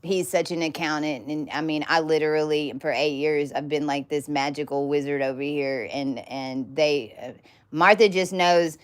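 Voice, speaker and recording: A woman with a fairly low-pitched voice gives a loose, unscripted teaching talk. She is blunt and profane, and she drives her points home by repeating words. Her delivery is emphatic and informal. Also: steady tone, normal speed, clean tone. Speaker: spiritual teacher. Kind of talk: casual teaching monologue.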